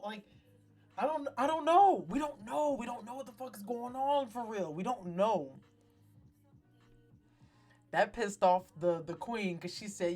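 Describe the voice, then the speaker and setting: A woman's voice: medium pitch, lively intonation, normal speed, faint music behind. A woman hosting a talk show, recapping a TV episode in a casual, dramatic, slang-heavy way full of swearing. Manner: profane, slangy, dramatic storytelling.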